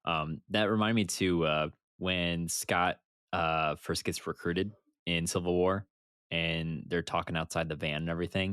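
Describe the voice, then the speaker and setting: A man co-hosting a podcast in casual chat, animated and laughing as he recaps scenes. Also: deep voice, unhurried, clear, resonant tone, dry recording, clean studio sound. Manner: animated, laughs and uses fillers while recapping. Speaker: podcast co-host.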